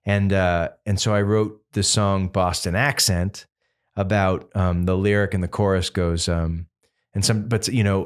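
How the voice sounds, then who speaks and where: A man's voice: deep voice, a little slow, clean tone. A man in his fifties from Massachusetts, a singer-songwriter telling stories in a loose, rambling way with lots of fillers. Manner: rambling, animated storytelling full of fillers. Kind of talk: casual interview chat.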